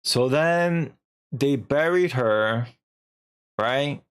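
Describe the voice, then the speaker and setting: A man's voice: mid-range voice, very slow, clean tone. A young man streaming, casually recapping a story in a rambling, slangy way with lots of filler.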